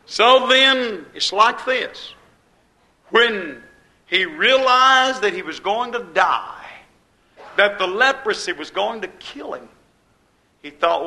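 Male preacher, high voice, rhythmic repetitive sermon delivery. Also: lively intonation, slow pace, vocal fry, bright, forceful tone, rough recording. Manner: rhythmic repetition, rising and falling emphasis.

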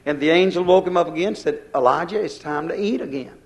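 A man's voice: fairly high pitch, fast talker, low-quality recording. A male minister preaching a sermon in a folksy way, often calling out to his congregation.

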